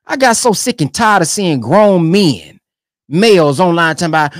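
A young man giving emphatic, animated commentary on a sermon clip he is reacting to. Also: high voice, normal speed, no echo, studio quality. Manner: animated and emphatic, keeps urging "come on, man". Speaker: online commentator.

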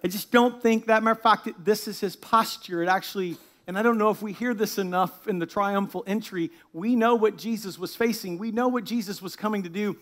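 A lead pastor with a high, fairly bright voice speaks briskly with hardly any pauses. He opens with a prayer and then preaches a sermon in church, his emphatic delivery building as he goes.

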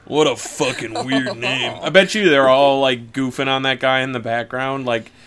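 A man co-hosting a podcast in casual, joking chat with a rapid, slangy manner. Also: medium pitch, a bit bright. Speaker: podcast co-host.

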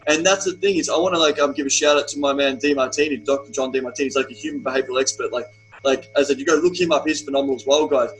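As a podcast guest, the young adult who runs men's retreats speaks very fast in a mid-range voice, telling emphatic, profanity-laced stories with blunt candor. Faint music plays behind the low-quality recording.

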